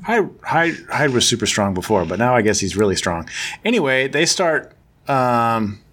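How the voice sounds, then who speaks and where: A man's voice: medium pitch, big pitch swings, normal speed, a bit bright. A man hosting a podcast, recapping a comic book story in a casual, rambling way, full of fillers and self-corrections. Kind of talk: casual chat.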